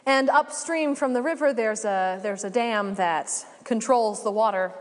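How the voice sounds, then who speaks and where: A woman preacher giving a sermon, telling a parable in a measured, reflective way. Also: fairly high pitch, long reverb tail.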